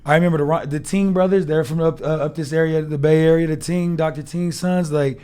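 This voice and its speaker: A former football player in his thirties, appearing as a guest, tells a rowdy story in a slightly high, brisk, smooth voice. He's animated and freely profane, acting out the people he quotes in a raised voice during this casual storytelling chat.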